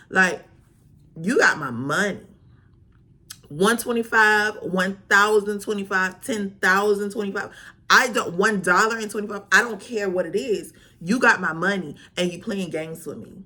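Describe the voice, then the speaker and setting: A woman vlogger telling a storytime, sassy and animated, full of slang. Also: mid-range voice, normal speed. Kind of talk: storytime vlog.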